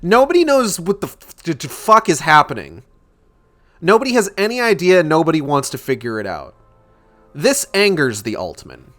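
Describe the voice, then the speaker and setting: Young guy streamer reading a book out loud, sarcastic, swears a lot, voice swings up and down a ton. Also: on the high side, sing-song, moderate pace, soft background music. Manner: sarcastic and profane. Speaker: streamer and book club host. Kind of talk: reading a novel aloud with casual commentary.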